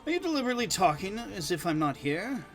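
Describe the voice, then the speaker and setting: A man voicing a haughty, sarcastic aristocratic count in a game playthrough, raising his voice higher and louder for him. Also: big pitch swings, fast, soft background music. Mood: sardonic. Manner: arch, sarcastic. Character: haughty aristocratic male count, sardonic host.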